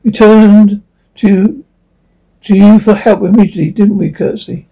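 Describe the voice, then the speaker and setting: A man's voice: sits high, steady tone, measured pace, vocal fry, mellow, breathy edge, voice pushed up, full character voice, poor audio. A man doing a bold, teasing young woman.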